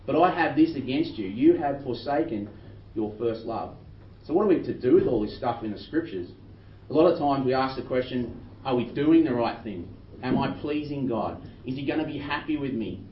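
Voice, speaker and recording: Man preaching, earnest sermon, slow scripture reading, distant roomy recording, dull sound with faint hiss. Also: medium pitch. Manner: earnest, reads scripture slowly with rising emphasis. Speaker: pastor.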